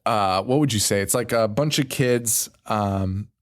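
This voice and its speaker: A man's voice: fairly low pitch, unhurried. A man co-hosting a horror podcast, rambling through a profane, laughing recap of a film and acting out its lines. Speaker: podcast co-host. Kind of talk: casual profane movie recap.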